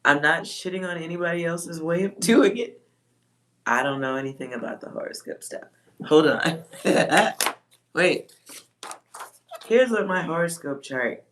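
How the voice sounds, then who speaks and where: Woman psychic on a livestream, low voice, blunt, profane, laughs a lot. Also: animated, unhurried, long pauses. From Texas. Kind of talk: casual livestream chat.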